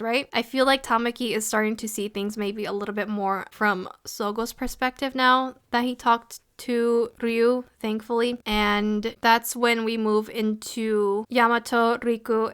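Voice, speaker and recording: A woman's voice: a little high, fairly bright tone, clean tone. A woman talking through an anime episode in a casual review, earnest and emotional, with many "you know" fillers.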